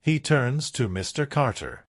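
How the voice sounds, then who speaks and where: Man, story narrator, slow, lively pitch, dry close sound. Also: no room sound.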